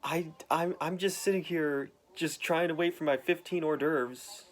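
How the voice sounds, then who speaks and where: A man puts on a smug crime boss feigning innocence. The voice jumps high with sarcastic indignation. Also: fairly even intonation, measured pace, close to an everyday voice. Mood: mock-innocent.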